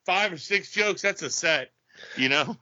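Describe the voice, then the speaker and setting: Easygoing male podcast co-host, bright, sharp voice, lo-fi sound. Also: high voice, animated, measured pace. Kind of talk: casual chat. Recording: dull lo-fi audio.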